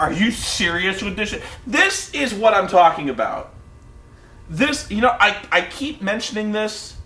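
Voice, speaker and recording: Casual podcast co-host, male, high and bright, animated storyteller who acts out scenes, roomy echo. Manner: animated storytelling, acting out wrestlers with shouted impressions. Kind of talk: casual profane chat.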